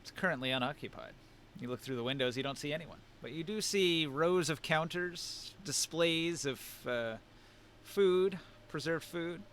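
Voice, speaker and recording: A man running a tabletop game as game master, narrating scenes in a descriptive way and pausing to find words. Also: a little high, a bit bright, a little hiss or hum.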